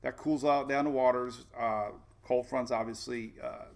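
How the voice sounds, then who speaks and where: A man's voice: mid-range voice, steady tone, normal speed, vocal fry, darkish tone. A man hosting a casual weather livestream, chatty and folksy, often repeating himself and saying "man". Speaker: weather show host.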